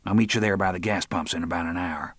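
A man's voice: low voice, fairly even intonation, fast talker, fairly bright tone, dry recording, clean studio sound. A man playing a crude, menacing middle-aged man in an audiobook, blunt and slangy. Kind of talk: audiobook narration.

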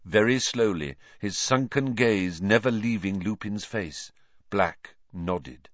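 A man narrating an audiobook with an expressive, dramatic reading. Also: on the low side, takes it slowly, dry recording, highs cut off. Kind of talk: scripted narration.

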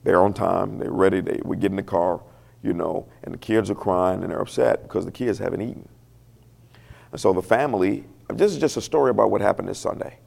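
A man's voice: sits low, fairly quick, creaky, a little mellow, a little hiss or hum. A man preaching a sermon, telling a personal story in a conversational, emotional way and asking the congregation questions. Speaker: pastor.

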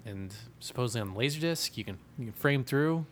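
A man co-hosting a casual comedy podcast, quick with jokes and swearing freely. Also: medium pitch, lively intonation, a little hiss or hum. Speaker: podcast co-host.

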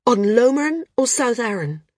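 A woman's voice: a little high, very animated, normal speed, a little mellow, no echo, clean studio sound, voice pushed up. A woman voicing an angry, confrontational woman flyer with a hard, accusing delivery, in an audiobook. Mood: demanding.

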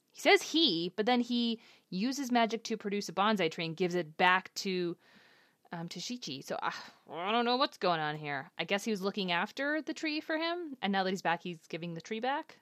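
A woman talks through an episode recap in a casual, unscripted way, hedging and thinking aloud as she goes. Her voice sits at a middle pitch and sounds dry and close, with no room echo. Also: fairly bright tone. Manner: thinking aloud, hesitant, many asides.

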